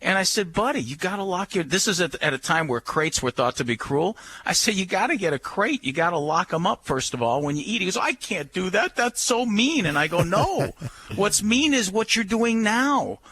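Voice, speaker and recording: A man hosting an animal radio show, telling an anecdote in a lively way and mimicking the people in it. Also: sits high, brisk, slightly rough, dry recording. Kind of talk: casual storytelling.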